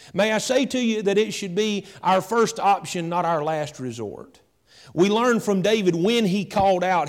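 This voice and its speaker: Pastor guy preaching, kinda high voice, big long church echo, pushes hard then drags words out slow. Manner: preaching with rising emphasis and sudden slow, drawn-out phrases. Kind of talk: sermon. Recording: long hall reverb.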